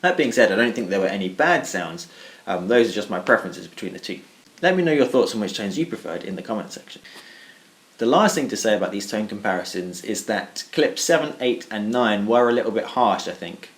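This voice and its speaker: Male guitarist, lowish voice, measured and reflective, hedges his opinions. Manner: thoughtful and even, hedging with "I think" and "kind of". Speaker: guitarist reviewing his own tone clips. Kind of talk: measured spoken summary of a gear comparison.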